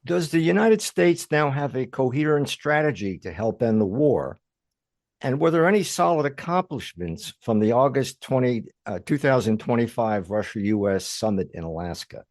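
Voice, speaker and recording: A man's voice: medium pitch, lively intonation, moderate pace, a little mellow, dry recording, studio quality. A man asking formal interview questions, reading them out.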